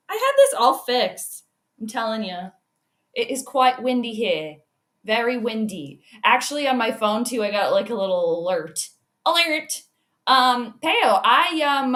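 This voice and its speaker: Woman, livestream host, casual chat, laughs a lot, higher voice, echoey room. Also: a bit bright. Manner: chatty, greets viewers by name; laughs often between remarks. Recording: roomy echo.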